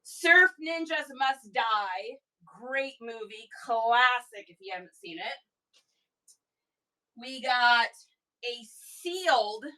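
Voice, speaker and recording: A woman hosting a reseller livestream, chatty and animated with rambling asides. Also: fairly high pitch. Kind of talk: casual livestream chat.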